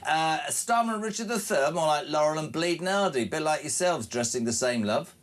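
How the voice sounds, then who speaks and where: A man's voice: on the high side, animated. A man hosting a breakfast radio show, reading out listener texts with cheeky, mocking banter. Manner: cheeky, quick-witted, mocking asides.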